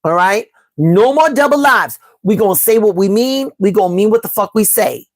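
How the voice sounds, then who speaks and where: Speaking a little fast in a mid-range, slightly mellow voice, this tarot reader and astrology host from Chicago runs a live-stream reading. She is emphatic, says things more than once, reads chat messages, and calls people "baby" and "y'all." The recording is dry.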